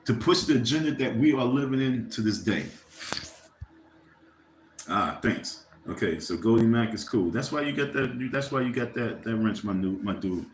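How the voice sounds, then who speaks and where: A man in the middle of a rambling, profane livestream rant, his voice at an ordinary mid pitch. He turns to his viewers now and then and asks them for likes. The room around him adds a clear echo, with a faint hiss underneath. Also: lively intonation, moderate pace. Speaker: livestream host. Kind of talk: casual ranting commentary.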